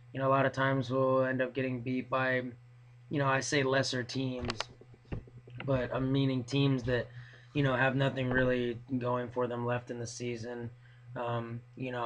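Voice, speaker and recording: Hoarse man in a flat voice. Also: mid-range voice, low-quality recording. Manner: rambling and hesitant. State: hoarse from yelling. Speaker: hockey fan vlogger. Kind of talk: casual video blog.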